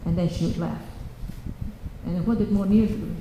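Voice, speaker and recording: A woman's voice: fairly low pitch, fairly even intonation, noisy background. A woman telling a children's story in a church, stopping and restarting her sentences often. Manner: halting, with many fillers and restarts. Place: church hall. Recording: echoey church hall.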